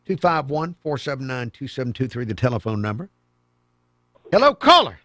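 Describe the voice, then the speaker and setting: A man's voice: mid-range voice, animated, fast, no room sound. A man hosting a call-in radio talk show in a studio, chatty and folksy as he takes calls. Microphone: studio microphone.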